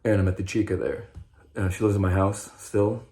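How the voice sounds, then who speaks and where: A young man with a low voice talks straight to the camera in an unscripted monologue. He rambles and swears freely, breaking off and restarting his sentences. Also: flat delivery, a little fast, dark tone. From Nebraska. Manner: rambling, profane, stop-start with many restarts. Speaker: vlogger sharing recovery story.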